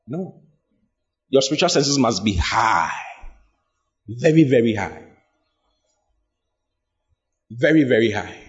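A man's voice: mid-range voice, lively intonation, slow pace, long pauses, breathy edge. A man preaching a sermon, emphatic and full of questions to his congregation. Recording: dull lo-fi sound.

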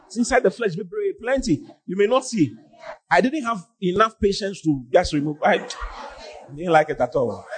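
A man preaching on a podcast, scolding with animated rhetorical questions and shouting for emphasis. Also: high-pitched.

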